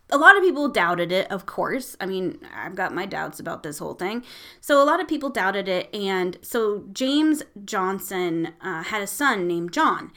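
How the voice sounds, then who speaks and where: A woman's voice: mid-range voice, fairly bright tone. Lady podcaster retelling a ghost story, swears a lot, chatty and irreverent. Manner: irreverent, swears freely, laughs often. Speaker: podcast host. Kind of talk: casual storytelling about a haunting.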